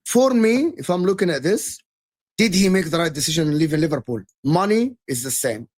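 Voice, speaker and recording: A man's voice: a little high, animated, a little fast, a little mellow. A man on a football fan panel, laying out his case point by point in casual debate. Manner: lays out arguments, lists points.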